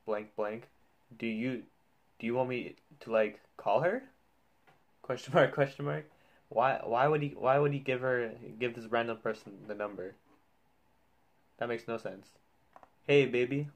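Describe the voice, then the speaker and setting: Man, casual reaction commentary, reads texts aloud, joking, swearing. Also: mid-range voice. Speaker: youtuber.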